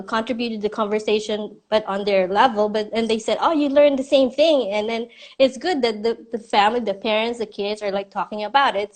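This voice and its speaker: A middle-aged woman who leads a church children's ministry, chatting casually and self-deprecatingly on a live stream, with lots of fillers and restarts. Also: medium pitch. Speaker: children's ministry leader, guest.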